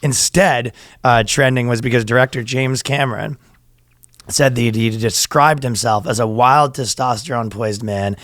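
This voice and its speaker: A man's voice: mid-range voice, normal speed, fairly bright tone, no room sound, studio quality. A man co-hosting a casual comedy podcast, laughing often and slipping into goofy voices. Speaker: podcast co-host.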